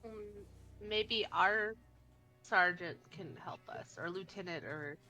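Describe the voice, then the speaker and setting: A woman's voice: lowish voice, takes it slowly, pushed and bright. A woman playing a tabletop role-playing game, playful and pleading when in character. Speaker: player.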